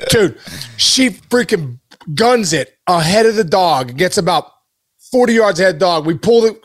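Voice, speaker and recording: A man co-hosting a podcast, telling an animated story full of dude and bro, acting out the voices of the people in it. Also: high-pitched, moderate pace. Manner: excitable, says dude and bro a lot. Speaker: podcast co-host.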